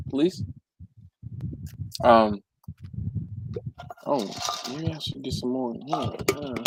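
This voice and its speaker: A man's voice: mid-range voice, background noise. A man hosting a casual live chat, rambling and stumbling over repeated words, acting out quotes with jumps in his voice. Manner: acts out quotes with big jumps in voice. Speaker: livestream host.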